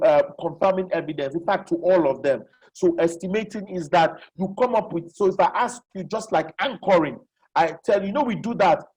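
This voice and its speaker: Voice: mid-range voice, darkish tone, breathy edge, rough recording. A presenter giving a live online lecture as facilitator, repeating key questions and checking that listeners follow. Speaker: webinar facilitator. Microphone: video call.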